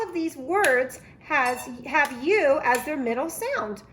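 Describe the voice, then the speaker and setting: A woman preschool teacher giving a lesson and reading a story aloud, speaking slowly, clearly and encouragingly. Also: sits high, animated, a bit bright, a little hiss or hum.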